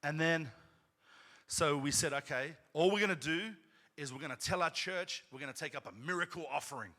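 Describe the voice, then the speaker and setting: Bright-voiced pastor in a reverberant church. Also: male voice, on the high side, a little fast. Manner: conversational, frequent "right?" asides, rising to loud emphatic peaks. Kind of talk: sermon with personal story. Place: church sanctuary.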